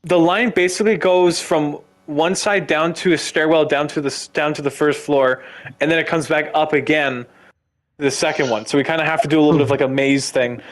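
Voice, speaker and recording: A man telling a story in casual gaming chat, animated, swearing and laughing often. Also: a little high, a little fast.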